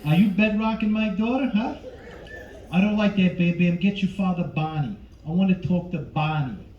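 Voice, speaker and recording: A man doing a low, mumbling impression of a menacing mob-style tough guy on a comedy stage. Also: moderate pace, echoey room, lo-fi sound, a little hiss or hum, lightly acted. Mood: threatening.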